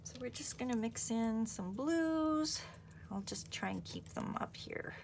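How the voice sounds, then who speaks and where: A woman's voice: fairly high pitch, lively intonation, measured pace, vocal fry, a little mellow, slight background noise. A woman hosting a craft video, chatting in a rambling way and thinking aloud as she works. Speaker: craft channel host. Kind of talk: casual chat while crafting.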